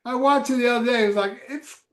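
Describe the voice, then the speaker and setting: Man, podcast co-host, casual banter, blunt, high voice, roomy echo. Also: quick pace, fairly bright tone. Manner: laid-back, blunt, tells jokes.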